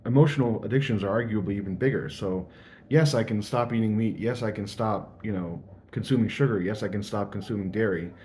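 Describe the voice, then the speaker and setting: A man's voice: on the low side, darkish tone, slight background noise. A young man thinking aloud in a casual, earnest vlog monologue.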